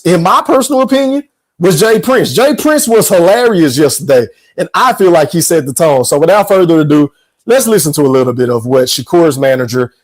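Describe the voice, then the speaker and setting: A man's voice: sits high, poor audio. A man hosting a podcast, giving emphatic, slangy fight-prediction commentary. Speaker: podcast host.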